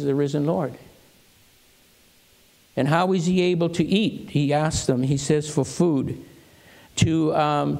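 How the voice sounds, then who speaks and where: A man's voice: on the high side, mellow. An older man preaching as a pastor in a church, telling personal stories in a conversational way and acting out the voices he quotes.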